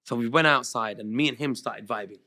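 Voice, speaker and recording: A man's voice: mid-range voice, a little fast, bright, forceful tone. A man from Southall, telling a story as a guest in a casual interview and acting out the dialogue. His voice is slightly worn after back-to-back shows. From Southall, London. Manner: chatty, re-enacts dialogue with "he goes" and "I was like". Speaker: guest singer.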